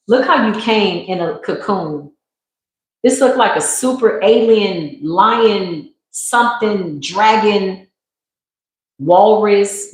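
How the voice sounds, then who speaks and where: Slangy woman reading tarot in an echoey room. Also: on the low side. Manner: slangy, emphatic, preacherly. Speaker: tarot reader. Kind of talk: live spiritual tarot reading.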